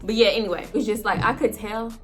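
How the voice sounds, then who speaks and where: Talking fast in a medium-pitched voice, a young vlogger tells casual, profanity-filled storytime tales to viewers from her home. She is recorded indoors on a phone camera, with faint music playing behind her.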